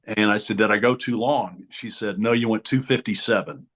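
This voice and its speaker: A man's voice: lowish voice, moderate pace, a bit bright. A middle-aged man, a sportscaster guest in a radio studio interview, tells stories with energy and acts out the voices of other people. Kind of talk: storytelling interview talk.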